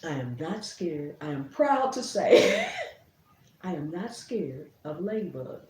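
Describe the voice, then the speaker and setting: A woman's voice: low voice, slow, a little hiss or hum. A middle-aged woman and grandmother, telling a gardening story to camera with lots of laughter. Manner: laughs often, animated storyteller. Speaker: gardening vlogger. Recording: roomy, a bit distant.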